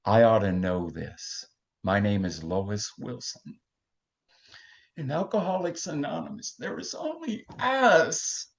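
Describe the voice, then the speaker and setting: A man whispering as a gentle elderly woman. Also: lowish voice, lively intonation, slow. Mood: hushed, gentle. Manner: hushed, soft whisper. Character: elderly gray-haired woman, calm and gentle. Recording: dull lo-fi recording.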